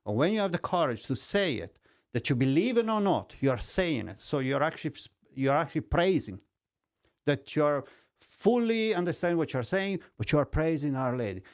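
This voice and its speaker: A middle-aged man from Italy speaking English with an Italian accent, telling his life story as a podcast guest in broken, animated English. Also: a little high, moderate pace. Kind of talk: personal testimony in conversation.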